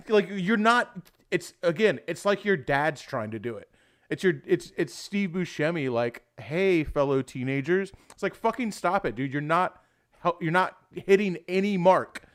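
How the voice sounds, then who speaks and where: A young man with a high, expressive, slightly bright voice hosts a livestream at a moderate pace. He talks casually and at length, rambling, swearing often and calling people "dude" a lot.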